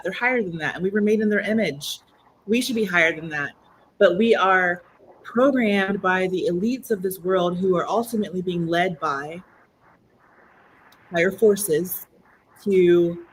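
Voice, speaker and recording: A woman's voice: on the low side, poor audio. Female panelist, emphatic and preachy, light background hiss. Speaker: panel guest. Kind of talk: opinionated panel talk.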